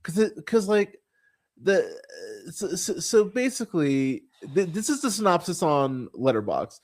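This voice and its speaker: A man hosting a podcast, ranting in casual chat about bad films, swearing, laughing and jumping up in pitch when exasperated. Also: unhurried. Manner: exasperated, profane, laughs often, animated pitch jumps. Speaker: podcast host. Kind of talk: casual ranting film review.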